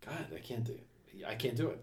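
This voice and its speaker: A man's voice: mid-range voice, very animated, a little fast. A man co-hosting a podcast, chatting casually and joking about films. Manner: joking, talks over his partner. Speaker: podcast co-host. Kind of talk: casual chat.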